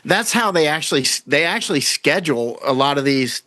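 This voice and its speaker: A man's voice: on the high side, animated, a little fast, pushed and bright, no echo. A man speaking as a guest commentator in a casual interview, rambling and repeating words as he acts out quoted voices.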